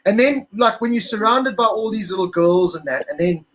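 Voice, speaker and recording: A man's voice: high-pitched, lively intonation, a little fast, fairly bright tone, poor audio. A man from South Africa, a magazine editor interviewing over a video call, joking and teasing his guest.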